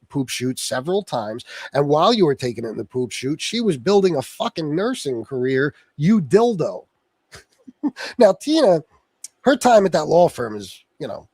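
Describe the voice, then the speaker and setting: A man with a fairly high voice that leaps up and down hosts a livestream, firing off a profane, taunting rant. He talks straight into a close microphone, and the sound is dry with no room around it. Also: dry recording. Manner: profane, taunting, insults someone by name. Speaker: livestream host.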